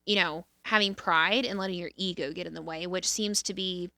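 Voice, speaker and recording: A woman co-hosting a podcast, talking bluntly and swearing freely as she chats. Her voice is bright and forceful, and the sound is dry and close. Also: lowish voice, steady tone, fairly quick, no room sound. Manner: blunt and candid, swears freely, many fillers and restarts. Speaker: podcast co-host. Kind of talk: casual podcast chat.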